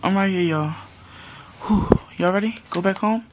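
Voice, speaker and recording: A woman's voice: medium pitch, normal speed, background noise. A woman performing a homemade drama, voicing several young men in casual, slangy back-and-forth dialogue. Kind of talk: homemade voiced drama, one performer doing all roles.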